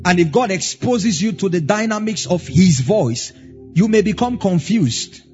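A man's voice: high voice, expressive, measured pace, a little mellow, highs cut off, faint music behind. A Nigerian man with a Nigerian accent preaching a sermon as pastor, stressing words in a rising, sing-song way.

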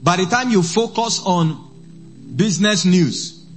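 A man, a priest preaching a sermon, who slows down and repeats phrases for emphasis. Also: high-pitched, faint music behind.

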